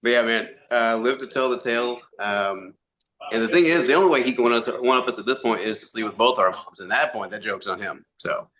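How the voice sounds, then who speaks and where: Guy spinning wild stories on a podcast, bright punchy voice, does little voices for people. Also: mid-range voice, fairly quick. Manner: animated storyteller, acts out quotes, swears freely. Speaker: podcast guest. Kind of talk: casual storytelling interview.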